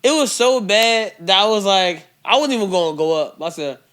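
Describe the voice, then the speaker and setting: A man, a comedian guest, telling animated stories in casual podcast chat and laughing often. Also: sits high, normal speed, clean tone.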